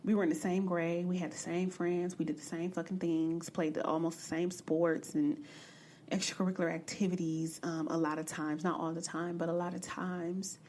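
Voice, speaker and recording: A young woman from the American Midwest hosting a podcast, telling a personal story in a blunt, profane and animated way. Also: on the low side, moderate pace, a little hiss or hum. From Midwestern United States. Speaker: podcast host. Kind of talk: candid storytelling monologue.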